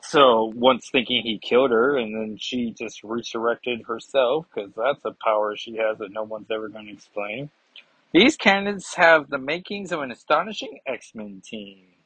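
A man's voice: mid-range voice, moderate pace, fairly bright tone, slightly rough, no room sound. A man giving a chatty, rambling comic book review, with self-mocking asides. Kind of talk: casual review vlog. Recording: dull lo-fi sound.

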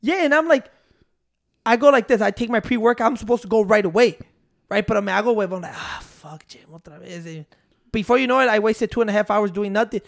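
Young man, gravelly, vocal fry, casual chat, profane, rambling, animated. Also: high-pitched, quick pace. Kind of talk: casual chat mixing English and Spanish.

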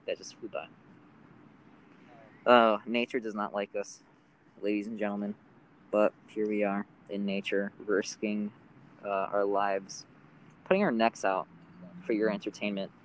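Man, lowish voice, joking, outdoor chat, faint traffic behind. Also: poor audio. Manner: joking, laughs loudly. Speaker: host.

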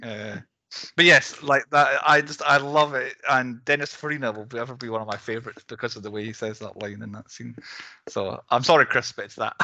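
A man hosting a film podcast in casual chat, animated, laughing often and tripping over restarts. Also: mid-range voice, moderate pace. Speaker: podcast host. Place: podcast recording.

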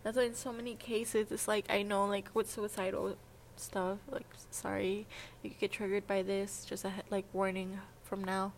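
A woman's voice: medium pitch, flat delivery, normal speed, hardly any pauses, a little hiss or hum. A young adult woman talking in a casual, confessional vlog monologue, rambling and hesitant, with many "like" fillers. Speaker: vlogger.

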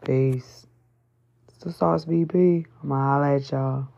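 A woman's voice: a bass voice, fairly even intonation, vocal fry, mellow, faint music behind. Woman preaching with profane intensity. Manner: intense, swearing, drawn-out emphatic phrases. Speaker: spiritual vlogger. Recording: dull lo-fi recording.

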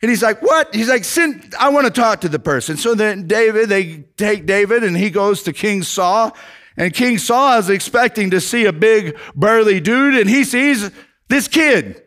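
A man preaching a sermon, retelling a story with lively acted-out quotes, casual fillers. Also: sits high, unhurried.

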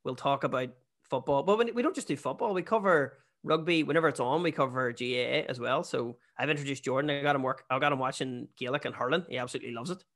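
This man, a stand-up from Newry in Northern Ireland, talks easily as a podcast guest, poking fun at himself and often starting his sentences over. He speaks quickly in a mid-range voice with a fairly bright tone.

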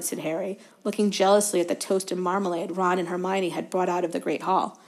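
Brief: woman guest reader, calm steady book narration, occasional stumbles corrected. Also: lowish voice, brisk, few pauses. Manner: steady storytelling, fillers of self-correction. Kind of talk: reading a novel aloud.

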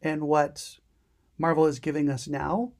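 A woman co-hosting a podcast, joking around in relaxed, slangy casual chat. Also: low-pitched, a little slow. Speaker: podcast co-host.

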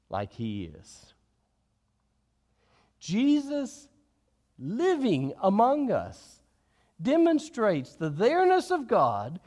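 A man preaching a sermon in an unhurried way, dropping low and soft on key words. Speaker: pastor.

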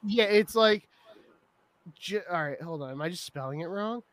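A young man co-hosting a casual podcast, rambling and animated, often breaking into laughter. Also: high-pitched, normal speed, no room sound. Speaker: podcast co-host. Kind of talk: casual chat about an anime.

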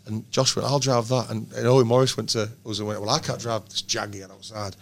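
A man, a band's songwriter, telling lively anecdotes in casual chat, swearing and laughing often. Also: lowish voice, fast, gravelly. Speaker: songwriter in a band, guest.

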